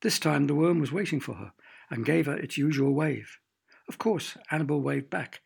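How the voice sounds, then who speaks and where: A man narrating a children's storybook with expressive, playful sound effects. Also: on the high side, gravelly, breathy edge.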